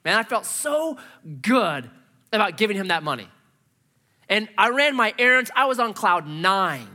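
A middle-aged male pastor preaching from the stage, telling stories on himself with self-mocking humor. His fairly high, bright voice swings widely in pitch as he acts out his own reactions. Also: big pitch swings, measured pace. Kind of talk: sermon with personal storytelling. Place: church stage.

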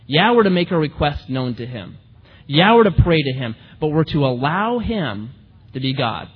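A man preaching a sermon in an animated way, acting out the voices of the people he quotes. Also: medium pitch, slightly rough. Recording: muffled recording in a reverberant hall.

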